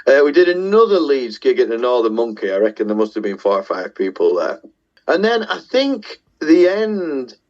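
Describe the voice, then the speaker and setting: With a medium-pitched, darkish-toned voice and a Yorkshire accent, a middle-aged guest musician tells casual stories that make fun of himself, with an odd swear word here and there. The recording has a lo-fi sound.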